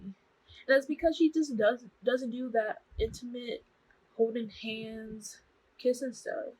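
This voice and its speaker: A woman's voice: a little high, slow, slight background noise, rough recording. A young woman casually recapping a TV show to camera, chatty and slangy, acting out the characters' lines. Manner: chatty, slangy, animated, acts out quotes. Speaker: vlogger reviewing a TV show.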